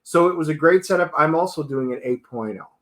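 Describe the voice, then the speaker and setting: A man co-hosting a casual TV episode review, retelling scenes with animated quoted lines. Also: a little high, fairly quick. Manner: animated storytelling, acts out character quotes. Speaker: show co-host.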